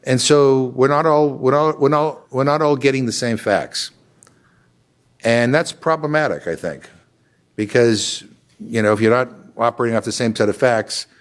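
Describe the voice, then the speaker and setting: Older man talking in rambling, restarting speech. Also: medium pitch. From Massachusetts. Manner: rambling, many restarts and fillers, animated storytelling. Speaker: congressman. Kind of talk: casual conversational talk.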